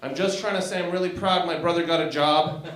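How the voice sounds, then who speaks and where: Brief: forties male stand-up from Canada, fairly high voice, crude and self-deprecating, roomy club echo. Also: fairly even intonation, fairly quick, over a noisy crowd. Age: 40s. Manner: crude, self-mocking, laughs at own jokes. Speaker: stand-up comedian. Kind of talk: stand-up comedy set. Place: comedy club stage.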